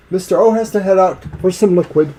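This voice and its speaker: A man's voice: high-pitched, mellow, slight background noise, poor audio. A man co-hosting a live tarot stream, chatting in an easygoing, joking way and reading out the cards. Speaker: co-host and tarot reader. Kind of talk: casual live-stream chat.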